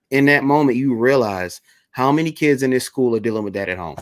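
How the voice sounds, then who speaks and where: A man of middle pitch tells a story over a video call. He talks casually and slips into other people's voices as he goes, and he uses a lot of verbal fillers. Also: a little fast. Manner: animated, acts out the voices in his stories. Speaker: interviewer.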